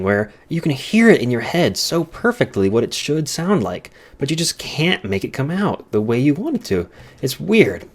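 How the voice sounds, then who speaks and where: A young man rambling casually while touring a Minecraft server, his voice strained and tired. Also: lowish voice. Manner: rambling, chatty, easily sidetracked. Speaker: Minecraft let's-player. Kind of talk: casual rambling gameplay commentary.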